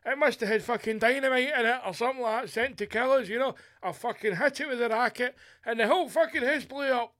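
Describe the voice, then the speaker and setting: A man's voice: very high-pitched, fast talker, few pauses, voice pushed up. A man voicing a rambling old male pensioner who rants crudely and paranoidly at the police. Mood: ranting. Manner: crude, paranoid, excitable ranting.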